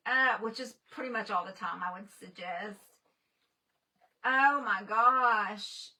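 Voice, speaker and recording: Chatty woman with a bright voice. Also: medium pitch, slow pace, recorded from a distance, poor audio. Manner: chatty, laughs often, answers viewers' comments. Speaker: painter hosting a live stream. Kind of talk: casual live-stream chat while painting.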